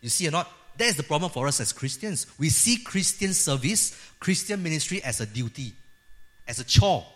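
Middle-aged male pastor, animated preaching style, voice a touch high. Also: moderate pace. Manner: lively, acts out quoted voices of God and people. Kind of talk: sermon.

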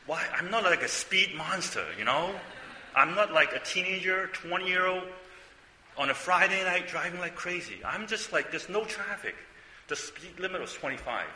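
A man's voice: high-pitched, expressive, normal speed, bright, forceful tone, roomy sound, in a large hall, slight background noise, poor audio. An older man giving a sermon, telling a personal story in a conversational way with asides and rhetorical questions. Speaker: preacher.

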